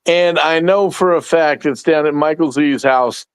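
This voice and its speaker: A man speaking as a guest in casual podcast chat, reflective and halting, with fillers. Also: on the high side, smooth, rough recording.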